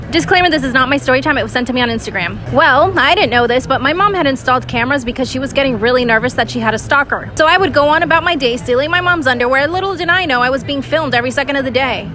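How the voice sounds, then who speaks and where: A young woman rattling off a storytime at a rapid, breathless clip. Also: high-pitched, a bit bright. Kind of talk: storytime narration.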